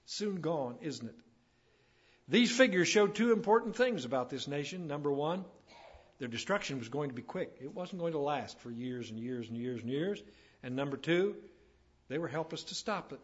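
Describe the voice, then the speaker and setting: A man's voice: medium pitch, fairly bright tone. A man preaching a sermon in a folksy, storytelling way that rises to emphatic declarations. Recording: dull lo-fi sermon recording.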